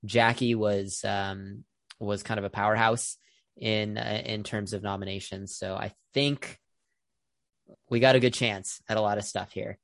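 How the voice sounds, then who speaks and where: A man's voice: on the low side, steady tone, unhurried, creaky, a bit bright, no room sound, studio quality. A man hosting a film podcast, chatting casually with plenty of fillers. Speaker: podcast host. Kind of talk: casual film review chat.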